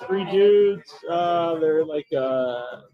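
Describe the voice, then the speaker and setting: Man co-host, slightly high voice, halting recaps, dull lo-fi bar recording. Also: expressive. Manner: halting, many fillers and restarts while recalling films. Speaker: co-host reviewing festival films. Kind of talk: casual chat. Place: bar or restaurant. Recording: dull lo-fi sound in a noisy bar.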